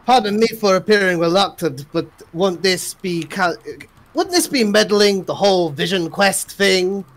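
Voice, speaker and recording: High-voiced male tabletop player. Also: expressive, moderate pace, a bit bright, slight background noise. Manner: wary, polite questioning. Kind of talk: in-character tabletop role-play.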